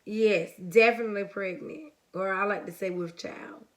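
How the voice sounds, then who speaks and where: A young woman from the United States telling a story-time vlog in a lively, chatty way, talking straight to her viewers. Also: medium pitch, moderate pace. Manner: casual and chatty, calls viewers honey and baby. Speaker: vlogger.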